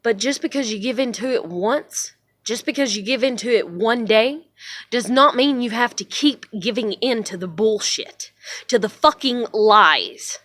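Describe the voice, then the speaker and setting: A woman's voice: a little high, measured pace, fairly bright tone. A young woman ranting in a blunt, heavily profane vlog monologue at home. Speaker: vlogger.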